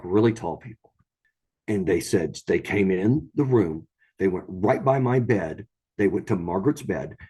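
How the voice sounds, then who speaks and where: A man with a low, husky voice tells a strange story in a loose, casual way. He stumbles, repeats himself and restarts sentences. He also slips into the voices of the people he quotes. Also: dark tone. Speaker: storyteller guest.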